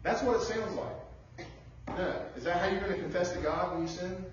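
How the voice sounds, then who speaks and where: A man's voice: sits high, moderate pace, a little hiss or hum. Distant echoey pastor preaching, a man. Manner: conversational preaching, acts out dialogue. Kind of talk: sermon. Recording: very echoey hall, distant, dull lo-fi.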